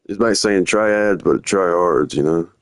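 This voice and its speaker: This young man's live-stream chat meanders loosely through stories, told in slangy, rambling fashion by a livestreamer with a very low voice. He takes his time. The recording is dry and close-miked, with no sense of the room around him.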